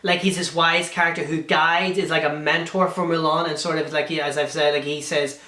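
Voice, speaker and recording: A man's voice: a little high, level tone, fairly quick, few pauses, bright, forceful tone. Gushing male film reviewer, roomy sound. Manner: enthusiastic, gushing, with frequent ums and restarts. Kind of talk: casual spoken film review. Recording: roomy echo.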